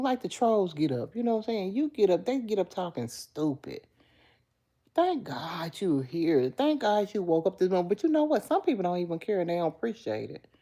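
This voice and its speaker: Lively-voiced woman chatting on a livestream. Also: medium pitch. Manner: talks straight to viewers, reads and answers chat comments. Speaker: livestream host. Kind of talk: casual live-stream chat.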